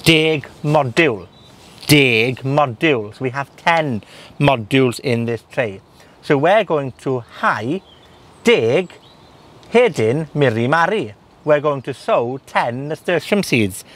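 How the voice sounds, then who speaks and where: A Welsh man with a Welsh accent giving a gardening lesson in a polytunnel, speaking slowly and repeating words for learners. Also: medium pitch, lively intonation, fairly bright tone. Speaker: gardening and language teacher. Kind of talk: bilingual outdoor lesson.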